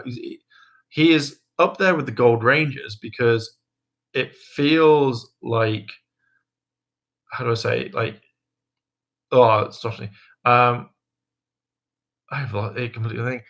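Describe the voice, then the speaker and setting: Young male streamer with a bright, forward tone and a middling pitch; casual, rambling delivery full of fillers, with jumps into mocking voices. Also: fairly even intonation, slow pace, pauses often. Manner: hesitant, many ums and restarts, jumps into high mocking voices when quoting. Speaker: livestream host. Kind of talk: casual rambling livestream chat.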